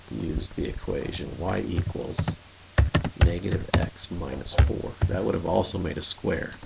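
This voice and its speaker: A man's voice: fairly low pitch, vocal fry, slight background noise, poor audio. A man explaining a math problem in a screencast lesson, talking it through step by step as he draws and sometimes stopping to correct himself. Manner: steady explaining, thinking aloud while drawing. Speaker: math teacher.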